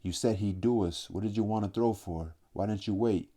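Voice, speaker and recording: A man's voice: on the low side, moderate pace, mellow, natural voice. A man doing a bossy boy hunt leader. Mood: brusque. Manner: commanding, brusque.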